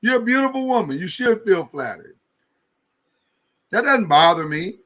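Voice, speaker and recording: A man hosting a podcast in casual chat, animated and joking, often repeating himself. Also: sits high, normal speed. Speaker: podcast host.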